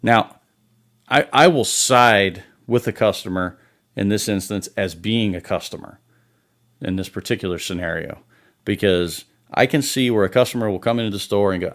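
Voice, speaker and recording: A man's voice: on the low side, moderate pace, fairly bright tone. A man hosting a comedic rant show, exasperated and sarcastic, swearing heavily. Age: adult. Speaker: podcast host.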